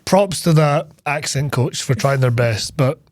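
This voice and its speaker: A man's voice: medium pitch, measured pace, a little mellow, no room sound, studio quality. A young man co-hosting a casual film chat, rambling and swearing with lots of fillers. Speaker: podcast co-host.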